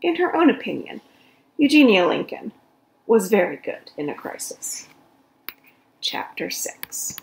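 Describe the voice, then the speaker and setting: Woman, children's story reader, read-aloud storytelling, animated, slow. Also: medium pitch, vocal fry, a little hiss or hum, rough recording. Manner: expressive, animated reading.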